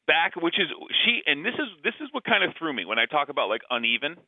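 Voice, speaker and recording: A man co-hosting a film podcast, talking fast in a rambling, opinionated way. His voice comes through thin and narrow, like a phone line. It sounds dry, without room echo. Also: fairly high pitch, big pitch swings. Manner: rambling, opinionated, full of fillers. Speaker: podcast co-host. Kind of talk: casual movie discussion.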